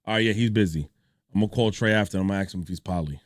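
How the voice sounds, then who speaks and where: A young man streaming a reaction video, telling stories in animated, slangy casual chat. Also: deep voice, rapid-fire, no echo, clean studio sound. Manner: animated storytelling, slangy, laughs a lot.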